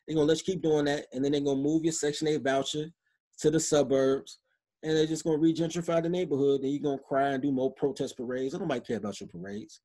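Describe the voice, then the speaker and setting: A man from Chicago speaks as a podcast guest, blunt and emphatic, with a casual street-style delivery. His voice sits a little high for a man and has a husky edge. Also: fast talker, warm tone. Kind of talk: opinionated interview talk.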